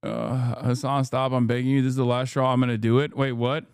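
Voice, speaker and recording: Smooth-voiced sarcastic man streamer. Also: medium pitch, a little fast, no echo, clean studio sound. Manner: sarcastic, deadpan, laughs often. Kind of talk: live stream reaction commentary.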